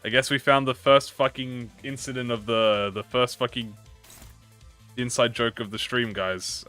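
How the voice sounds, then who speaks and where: A man's voice: medium pitch, fairly even intonation, measured pace, sharp tone, faint music behind. A man streaming a game, bantering with chat in a playful, mock-threatening way with theatrical, swearing outbursts. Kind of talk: casual livestream gaming commentary.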